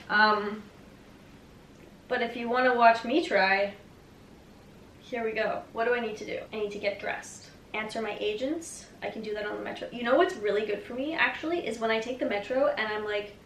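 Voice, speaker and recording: A woman's voice: mid-range voice, creaky, a bit bright, a little hiss or hum. Young woman vlogger, casual storyteller, rambling and chatty, echoey room.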